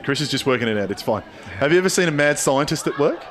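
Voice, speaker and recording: A man's voice: fairly high pitch, lively intonation, fast talker. A man in his forties commenting on a baseball game, bantering and laughing easily. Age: 40s. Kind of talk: play-by-play commentary. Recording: crowd noise behind. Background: ballpark crowd.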